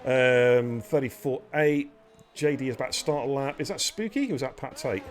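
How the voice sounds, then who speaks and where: A man's voice: medium pitch, normal speed. A man giving live sim racing commentary, chatty and bantering with viewers and his co-host. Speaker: race commentator.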